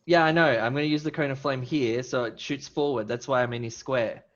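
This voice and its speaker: A man's voice: mid-range voice, steady tone, fairly quick, dull audio. A man playing in a tabletop game, rambling through his turn and laughing between lines. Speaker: player. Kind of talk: casual tabletop game play.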